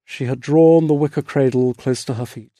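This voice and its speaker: A man reading a literary story aloud as narrator, in a measured, deliberate way. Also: medium pitch, steady tone, warm tone, no echo, studio quality. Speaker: audiobook narrator. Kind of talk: scripted narration.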